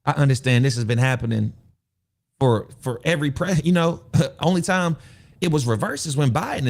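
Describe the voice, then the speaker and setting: A man hosts a loose livestream, speaking at an ordinary middle pitch. His voice carries a gravelly, fry-tinged edge. He rambles, circles back on his points and keeps asking his viewers what they think. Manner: loose, rambling, repeats himself, asks viewers questions. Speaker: show host. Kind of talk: casual livestream commentary.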